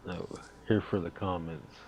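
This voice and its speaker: A man's voice: deep voice, steady tone, darkish tone, a little hiss or hum. A man co-hosting a casual talk show with a laid-back manner. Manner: laid-back, quick to laugh. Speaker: podcast co-host. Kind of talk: casual chat.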